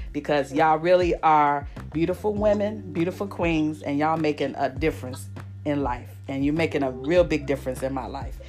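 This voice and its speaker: A woman in her forties hosting a podcast, speaking with deep emotion to her lifelong friends, often repeating herself in a folksy way. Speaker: podcast host. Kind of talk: heartfelt casual chat.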